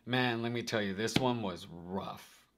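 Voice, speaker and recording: A man's voice: mid-range voice, unhurried, noisy background. A man hosting his own tarot vlog, chatting animatedly to viewers, laughing often and calling them "guys". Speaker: tarot video host. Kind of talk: casual vlog talk to viewers.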